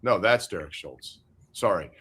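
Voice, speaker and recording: A man's voice: deep voice, lively intonation, normal speed, pushed and bright, a little hiss or hum. A man co-hosting a casual sports talk show from his home studio, chatty and joking. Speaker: podcast co-host.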